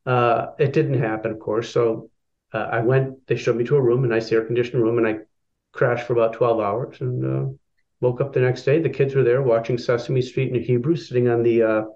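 A man's voice: mid-range voice, level tone, fairly quick, darkish tone, muffled recording. A man telling a long personal story as a guest, with lots of fillers and restarts. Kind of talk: storytelling in an interview.

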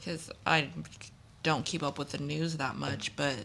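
A woman's voice: sits low, flat delivery, a little slow, creaky, fairly bright tone. A woman co-hosting a casual podcast with her husband, chiming in with curious questions. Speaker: co-host, host's wife. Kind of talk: casual chat.

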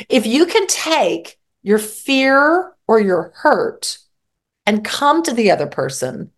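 A woman's voice: fairly high pitch, big pitch swings, unhurried. Direct woman psychologist giving advice. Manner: direct, acts out quoted self-talk. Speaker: psychologist guest. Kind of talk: advice in an interview.

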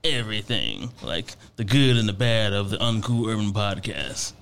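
A man's voice: fairly low pitch, lively intonation, normal speed, creaky, fairly bright tone, slight background noise. A man co-hosting a podcast in casual chat, talking hesitantly with restarts and frequent laughs. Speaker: podcast co-host.

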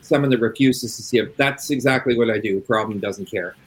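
A man's voice: fairly low pitch, fairly quick, poor audio. A middle-aged man who works as an addiction interventionist, talking bluntly and emphatically with plenty of swearing in a casual interview.

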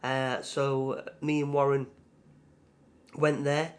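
A man's voice: mid-range voice, slow. Laid-back man chipping in on a podcast. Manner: relaxed, chipping in with short replies. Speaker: podcast co-host. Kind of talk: casual chat.

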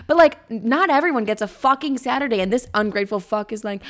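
A young woman telling a dating story in a blunt, profane, animated way. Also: fairly high pitch, fast talker, hardly any pauses. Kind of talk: casual storytime monologue.

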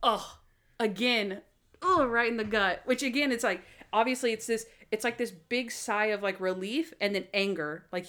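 Animated woman recapping a TV episode. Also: medium pitch, moderate pace. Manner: animated, acts out scenes in quoted voices. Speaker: podcast co-host. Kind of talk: casual chat recapping a TV episode.

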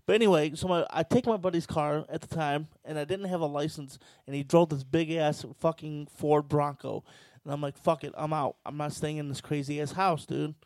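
A man's voice: fairly high pitch, normal speed, hardly any pauses, dry recording. A man casually telling a wild, crude story on a podcast, swearing freely. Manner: crude, profane, animated storyteller.

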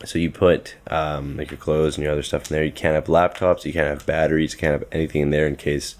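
A man's voice: a bass voice, little pitch movement, quick pace, darkish tone. A man co-hosting a podcast, chatting casually and joking, with a laid-back, rambling delivery full of fillers. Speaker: podcast co-host. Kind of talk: casual chat.

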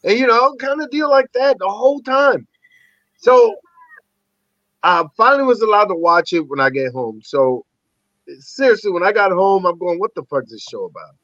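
A man, an actor and army veteran, telling animated, profanity-laced stories as a podcast guest. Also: high-pitched, moderate pace, dry recording. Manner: animated, rambling, heavy swearing. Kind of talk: casual storytelling interview. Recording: dull lo-fi dry recording.

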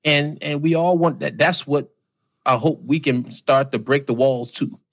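A man's voice: on the high side, a little slow, rough recording. A man in his late forties co-hosting a podcast, speaking earnestly in a colloquial way and leaning heavily on "you know". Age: 40s. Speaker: podcast co-host. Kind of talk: casual conversation.

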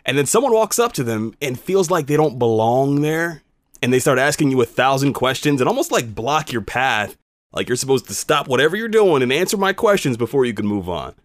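Man telling a personal story, lively pitch, emphatic, dry close sound. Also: brisk, no room sound. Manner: animated, conversational, emphatic. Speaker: radio host.

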